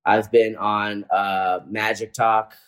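A man in his twenties, a guest chatting casually in a relaxed, slangy way with lots of filler words. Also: fairly low pitch, takes it slowly, low-quality recording. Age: 20s. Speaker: guest, comedian and dancer. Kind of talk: casual chat.

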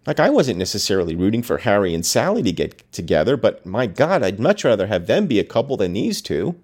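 A man reading a novel aloud, mixing expressive reading with chatty, casual asides. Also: lowish voice, brisk. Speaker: book reader.

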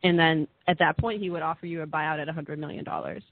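Joking male co-host, gravelly and fairly high, dry phone-like audio. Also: fairly even intonation, fast talker, no echo. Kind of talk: casual talk show banter.

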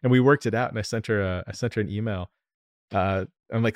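A man from the United States, a company founder, telling stories in an animated, lively way during a casual interview. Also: fairly low pitch, fast, no echo, studio quality. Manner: animated, lively storyteller who acts out quotes.

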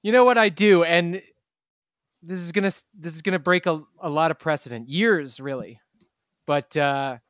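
A man hosting a comedy sports podcast, animated and quick with his jokes. His voice is high and smooth. The sound is close and dry. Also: no room sound. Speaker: podcast host.

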